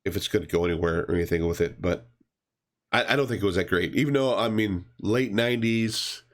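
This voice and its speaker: Low-voiced man chatting about comics. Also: fairly quick. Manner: rambling, with many fillers and restarts; acts out characters' lines in a raised voice. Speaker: podcast co-host reviewing comics. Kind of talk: casual chat.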